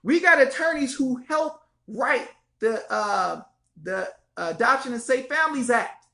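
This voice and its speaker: A woman's voice: high-pitched, lively intonation, measured pace, creaky, fairly bright tone. A woman vlogging an impassioned, repetitive rant straight to her viewers, calling them y'all. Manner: fiery, repetitive, swears mildly, addresses viewers as y'all. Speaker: activist vlogger. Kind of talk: impassioned direct-to-camera rant.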